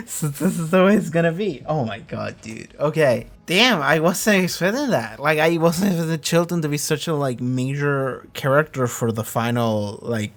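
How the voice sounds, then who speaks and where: A man with a hoarse, cracking voice hosting a casual reaction review, rambling and swearing freely. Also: on the high side. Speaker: reaction video host.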